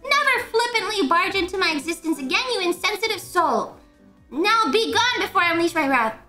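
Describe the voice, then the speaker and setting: A woman's voice: very high voice, sing-song, brisk, sharp tone, faint music behind, heavily acted. A woman voicing a touchy, easily offended young man in a game, reading his dialogue aloud in an indignant, prim, melodramatic manner.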